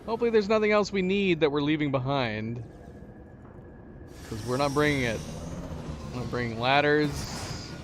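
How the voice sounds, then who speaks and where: A man hosts a let's-play, casually thinking aloud and making wry jokes at the game characters. His voice is fairly high, at a moderate pace with frequent pauses, and there's a little hiss or hum.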